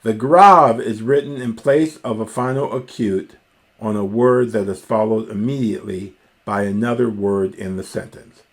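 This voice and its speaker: A man teaching a recorded Greek grammar lesson, sounding out Greek words slowly and carefully, with a dry aside now and then. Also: on the low side.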